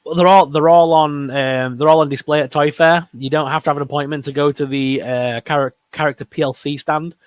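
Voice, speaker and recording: A man's voice: fairly high pitch, steady tone, fairly quick, hardly any pauses, clean tone, no room sound. A man with a northern English accent, co-hosting a casual toy and geek news chat in a rambling, upbeat way. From northern England. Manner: rambling, upbeat, trails off humming. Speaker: co-host of a toy news show.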